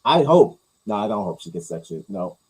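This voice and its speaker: A podcast host reading comments talks a little fast and very animatedly over heavy background noise. His jokey, casual riffing rambles and repeats, with loud, high-pitched swings for comic bits.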